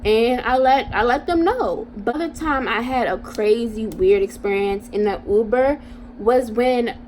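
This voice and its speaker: A young woman vlogger telling a casual storytime in an animated, slangy way, talking straight to her viewers. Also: fairly high pitch, a little slow, slight background noise.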